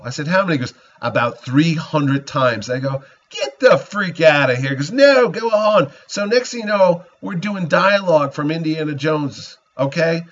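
A middle-aged man hosts a podcast in a somewhat high, husky voice. He tells his stories casually and animatedly, acting out both sides of each conversation, on a dull lo-fi recording. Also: fairly bright tone. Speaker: podcast host. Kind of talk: casual storytelling.

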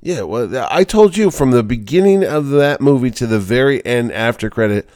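A man's voice: medium pitch, expressive, darkish tone, dry recording, clean studio sound. A man hosting a casual podcast, chatting about a movie he saw. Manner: chatty, talks quickly with restarts. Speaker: podcast host, convention organizer.

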